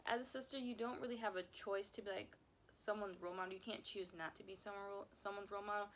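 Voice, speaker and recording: A woman's voice: medium pitch, steady tone, fast talker, slight background noise. A young woman telling a personal story time on her vlog, emotional and rambling, often repeating herself. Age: young adult. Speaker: vlogger.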